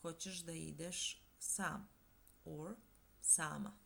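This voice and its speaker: Slow, gravelly-voiced woman teaching a language. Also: deep voice, fairly even intonation, a bit bright. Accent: Montenegrin. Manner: slow and deliberate, pausing between phrases. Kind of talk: slow, scripted language lesson.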